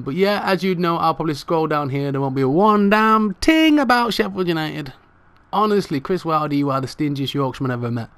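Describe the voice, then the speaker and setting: A young man commentating his football game, bursting into mock-broadcast shouting at big moments. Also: on the high side, clear, resonant tone, no room sound. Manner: shouts in mock-broadcast commentary at goals, chatty and swearing mildly otherwise. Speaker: gaming commentator.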